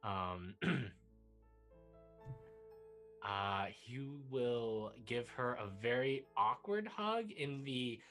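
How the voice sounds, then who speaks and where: Slow hesitant tabletop player. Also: mid-range voice, lively intonation, fairly bright tone, faint music behind, low-quality recording. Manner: hesitant, thinking aloud. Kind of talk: playing a tabletop game.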